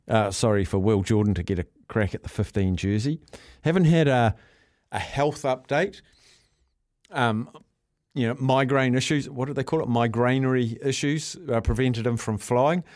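A man's voice: mid-range voice, moderate pace, a little mellow, no room sound, clean studio sound. A man with a New Zealand accent hosting casual sports talkback radio, laid-back and jokey as he reads out listener entries. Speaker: radio host. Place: radio studio.

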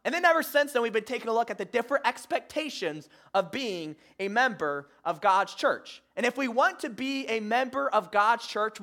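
A young Midwestern man from Michigan giving a conversational sermon as pastor, halting with frequent "uh" fillers and self-deprecating humor. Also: high voice, sharp tone. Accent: Midwestern American.

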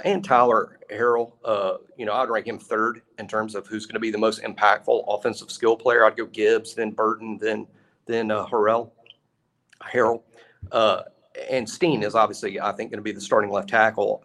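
A man's voice: on the low side, a bit bright. A man co-hosting a sports talk show, analyzing the team in an earnest, emphatic way and repeating his points. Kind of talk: casual sports radio analysis.

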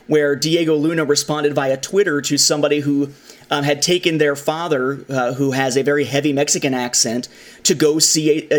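A man hosting a casual film discussion, talking with animation and acting out the lines he quotes. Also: a little high. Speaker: podcast host.

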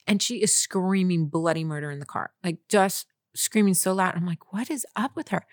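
A young woman co-hosts a casual podcast chat, telling a story in an animated way and acting out her own reactions. Her voice is dry and close, with no room sound around it. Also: lowish voice, normal speed, no room sound. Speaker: podcast co-host.

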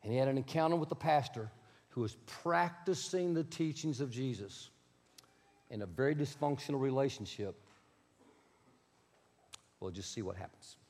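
Conversational preacher in a reverberant hall. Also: male voice, medium pitch, normal speed, long pauses, a little mellow. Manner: conversational preaching, asides to the congregation. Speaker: pastor. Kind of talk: sermon.

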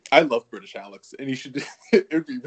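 A man of middle pitch chats as a guest on a sports podcast. He is easygoing, jokes around and cheers his host on. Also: animated, a little fast, husky. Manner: easygoing, joking, encouraging. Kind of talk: casual sports podcast chat.

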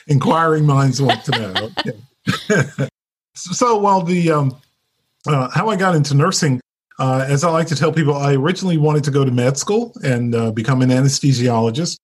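Husky man, chatty guest. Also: mid-range voice, normal speed. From North Carolina. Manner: chatty, many fillers, laughs often. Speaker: interview guest, nurse leader. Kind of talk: casual interview.

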